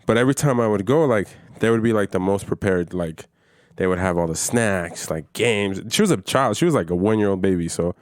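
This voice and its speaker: A young man with a very low, deep voice tells stories bluntly on a podcast, swearing freely as he goes. He is recorded close, and the sound is dry with no room echo. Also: expressive, a little fast. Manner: blunt, profane storytelling. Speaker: podcast co-host. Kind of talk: casual chat.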